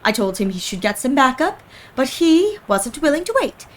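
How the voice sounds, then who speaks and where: A woman's voice: sits high, big pitch swings, normal speed, pitched above the performer's own voice. Casting: chatty young shop clerk in a game, friendly, bouncy intonation, read by a woman streamer.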